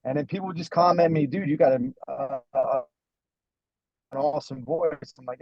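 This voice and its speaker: A man's voice: on the high side, steady tone, moderate pace, no room sound, muffled recording. A man who sings lead in a band, chatting casually in a rambling, self-deprecating way with many restarts. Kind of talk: casual chat.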